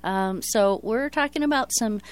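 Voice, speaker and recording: A woman's voice: mid-range voice, normal speed, clean tone. Earnest woman hosting a talk show. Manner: earnest, talkative, frequent self-corrections. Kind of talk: casual interview chat.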